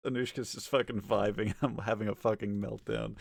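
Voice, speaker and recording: A man streaming live, chatting casually with his viewers, swinging from mumbled asides to loud exasperated ranting, with lots of swearing. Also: lowish voice, little pitch movement, a little slow, creaky, pauses often, no echo, clean studio sound. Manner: profane, argumentative.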